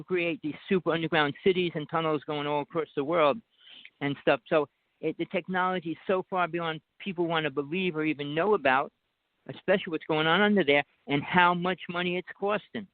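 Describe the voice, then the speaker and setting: A man's voice: a little high, dry recording. Insistent man with a Jersey accent on a phone line. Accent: New Jersey. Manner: insistent, talks over the other speaker. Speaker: guest. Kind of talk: rambling phone conversation. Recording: dry tinny phone line.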